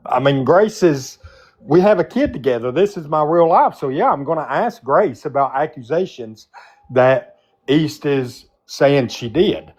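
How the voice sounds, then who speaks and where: A man's voice: mid-range voice, highs cut off. A man on a livestream call, indignantly recounting an argument. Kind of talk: casual livestream chat.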